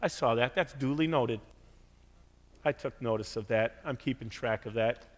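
A man voicing Jesus in a low, quiet, measured and solemn tone. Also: close to an everyday voice. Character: Jesus, calm grave male speaker. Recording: reverberant church hall.

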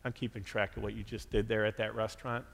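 A man voicing Jesus in a low, quiet, measured and solemn tone. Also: flat delivery, creaky. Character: Jesus, calm grave male speaker. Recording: reverberant church hall.

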